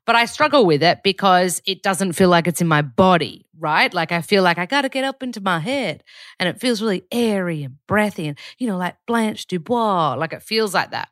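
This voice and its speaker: A woman with a naturally very low register, hosting a podcast in a chatty, rambling diary-style check-in full of fillers. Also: expressive, fairly quick, a bit bright, no echo, clean studio sound. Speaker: podcast host. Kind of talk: casual diary-style chat.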